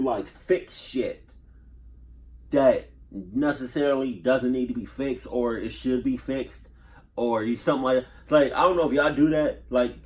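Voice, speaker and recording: A man's voice: mid-range voice, darkish tone. A man doing casual reaction commentary, nervous, profane and rambling, repeating himself as he stutters over his words. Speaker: reaction youtuber.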